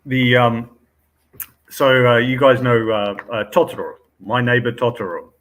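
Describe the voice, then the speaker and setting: An Australian man co-hosting a casual live-stream chat, speaking hesitantly with many pauses and short laughs. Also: mid-range voice, fairly even intonation, a bit bright, low-quality recording. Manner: hesitant, lots of ums and quick laughs. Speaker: co-host.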